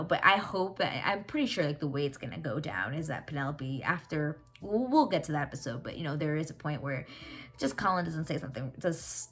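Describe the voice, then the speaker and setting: A young woman hosting a casual TV reaction vlog, rambling and animated with lots of fillers and casual swearing. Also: low voice, husky. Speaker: reaction channel host.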